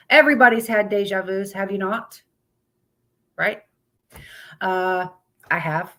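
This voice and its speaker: A woman at a mid pitch hosts a casual live stream. She chats loosely, greets viewers as they come in, and trips over words while reading topics aloud. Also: slow pace, long pauses.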